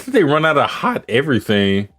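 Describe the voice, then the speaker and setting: A man's voice: medium pitch, wildly swooping pitch, a little fast, fairly bright tone. A man co-hosting a podcast in casual chat, laid-back and hesitant, with many fillers. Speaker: podcast co-host.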